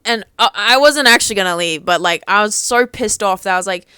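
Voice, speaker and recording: Brief: young woman vlogger, smooth voice, dry close sound, rambling and swearing. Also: medium pitch, a little fast, sharp tone, no room sound. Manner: rambling, filler-heavy, swears freely. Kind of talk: casual monologue to camera.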